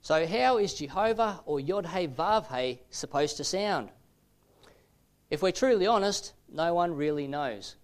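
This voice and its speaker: English man, smooth measured teaching voice. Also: a little high, expressive. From England. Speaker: Bible teacher. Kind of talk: explanatory talk to camera.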